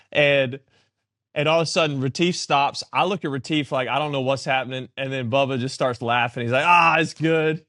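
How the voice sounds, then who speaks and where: A man co-hosting a podcast tells a story and acts out the back-and-forth dialogue. His voice sits at an ordinary middle pitch. The sound is dry and close, with no room echo. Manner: animated anecdote-telling, acting out dialogue. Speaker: podcast co-host. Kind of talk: casual storytelling chat.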